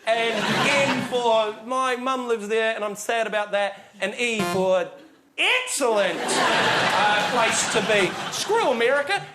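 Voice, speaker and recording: A man ranting in a comic debate, excitable and rambling, with mock outrage. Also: extremely high pitch, background noise. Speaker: comedy panellist. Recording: studio audience laughing throughout.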